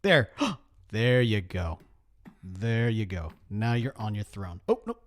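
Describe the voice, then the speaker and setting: A man's voice: fairly low pitch, very animated, slow pace, no echo, clean studio sound. A man giving casual, rambling gameplay commentary in a playful, coaxing way. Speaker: game series player.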